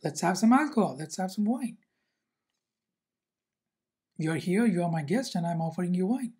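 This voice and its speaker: A teacher voicing a relaxed, rule-breaking Zen teacher who coaxes and challenges his guest. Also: mid-range voice, normal speed, husky. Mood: coaxing.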